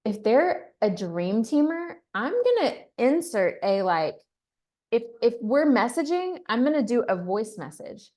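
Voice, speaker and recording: A woman's voice: fairly high pitch, very animated, unhurried, warm tone. A woman from Texas leading a team training, talking in an upbeat, chatty way and acting out sample scripts. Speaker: team leader. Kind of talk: training talk.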